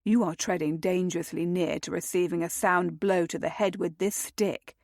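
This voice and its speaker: A woman's voice: lowish voice, fairly even intonation, normal speed, vocal fry, a little mellow, dry recording, studio quality. A woman voicing a brooding young viscount who answers grimly and curtly, in a read romance novel. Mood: irritated. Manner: grim, curt.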